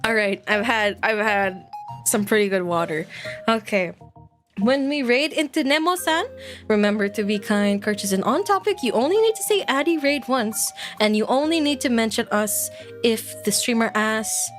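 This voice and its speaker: A woman's voice: a little high, animated, moderate pace. Giggly woman streamer, playful chat. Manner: playful and giggly, laughing often. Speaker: virtual streamer. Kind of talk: casual live-stream chat. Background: faint background music.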